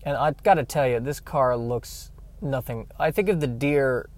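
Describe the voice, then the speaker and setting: A man's voice: medium pitch, moderate pace. A man hosting a solo podcast from his car, rambling in a wry, self-deprecating way. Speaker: podcast host. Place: in a car by a street.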